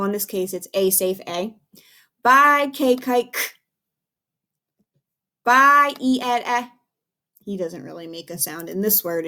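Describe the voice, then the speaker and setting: A young woman teacher giving a patient, sing-song phonics lesson to young children, calling out sounds for them to repeat. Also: mid-range voice.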